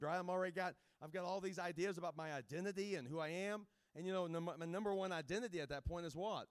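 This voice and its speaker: A man speaking as a guest evangelist, giving a jokey, rambling informal sermon to a camp with many restarts. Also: sits high.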